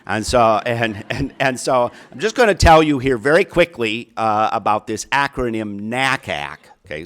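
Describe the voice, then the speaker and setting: A man's voice: on the low side, a bit bright. A middle-aged man with a Minnesota accent giving a folksy keynote speech as a college counselor, often repeating his phrases.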